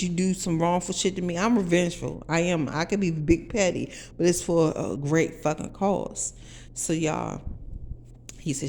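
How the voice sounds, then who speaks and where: A woman's voice: on the low side, a little mellow. A woman, telling her own story to viewers in a blunt, profane, fiercely emphatic way. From Washington DC area.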